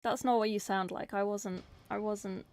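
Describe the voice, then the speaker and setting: A woman's voice: medium pitch, fairly even intonation, normal speed, a little mellow. A woman streamer chatting casually while painting, self-deprecating, swearing and giggling. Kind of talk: casual livestream chat.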